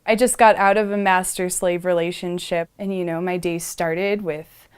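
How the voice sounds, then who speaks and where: A woman's voice: lowish voice, steady tone, normal speed, clear, resonant tone. A woman speaking candidly and reflectively in a documentary interview.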